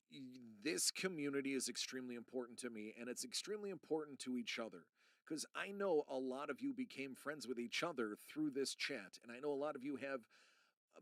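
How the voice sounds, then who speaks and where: Middle-aged man, gravelly, rambling and earnest live-stream host, dry close sound. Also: mid-range voice, a bit bright, no echo. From United States. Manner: rambling and earnest, talking straight to chat. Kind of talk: casual live-stream chat.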